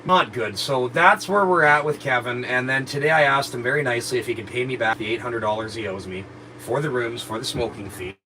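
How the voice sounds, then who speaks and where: A man talks casually to his stream audience. His voice sits in an ordinary middle pitch. He rambles, swears freely and sounds wronged. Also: fairly quick, pushed and bright, a little hiss or hum, rough recording. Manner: profane, rambling, aggrieved. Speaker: live streamer. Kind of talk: casual storytelling to viewers.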